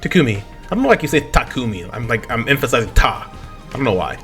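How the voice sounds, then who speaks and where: Animated young man reading game text. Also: medium pitch, quick pace. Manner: animated, stumbling over words. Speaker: let's play host. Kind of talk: reading game dialogue aloud. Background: game music.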